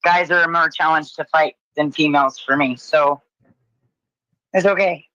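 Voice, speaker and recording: A woman's voice: low-pitched, steady tone, a little slow, fairly bright tone, no echo. A woman co-hosting a casual livestream chat, blunt and profane, teasing her co-host. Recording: dull lo-fi stream audio.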